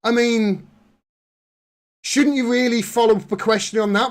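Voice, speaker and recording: A man's voice: extremely high pitch, fairly even intonation, unhurried. A man giving casual political commentary on a vlog in an indignant, sarcastic way. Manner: indignant, sarcastic, rising to outbursts. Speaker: commentary vlogger.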